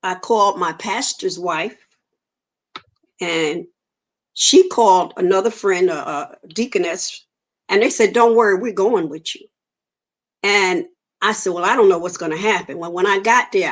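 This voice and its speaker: A woman's voice: lowish voice, a little slow, pauses often. A woman, giving an earnest personal testimony in an interview and acting out the dialogue she quotes. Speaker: interview guest.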